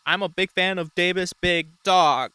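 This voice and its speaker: A man's voice: sits high, fairly even intonation, measured pace, sharp tone, a little hiss or hum. A man hosting a show, talking in a rambling, mock-serious casual way with frequent swearing. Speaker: show host. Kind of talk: casual comedic commentary.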